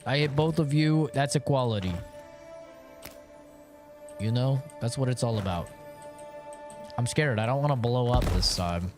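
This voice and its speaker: A man's voice: mid-range voice, unhurried, long pauses, music in the background. A man streaming live gameplay, joking around and swearing playfully.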